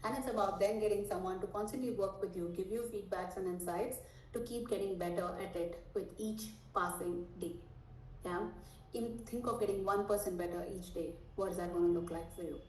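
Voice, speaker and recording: A woman teaching a live online sales training, high-energy and animated, checking in with her audience often. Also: brisk, a little hiss or hum. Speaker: sales coach. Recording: echoey room, mic at a distance.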